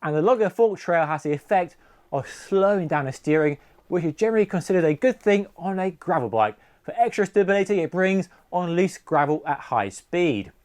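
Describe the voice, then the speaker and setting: Cycling reviewer, male, raised pitch, dry close sound, measured talk. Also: animated, a little mellow, no room sound. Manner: measured, conversational product comparison. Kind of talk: bike review vlog.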